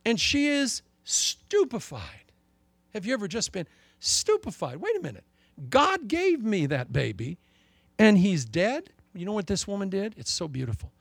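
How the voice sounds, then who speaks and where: Gravelly animated male preacher. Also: unhurried, dry recording. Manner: animated preaching with acted-out quotes, wide swings in pitch and volume. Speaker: pastor. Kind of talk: sermon.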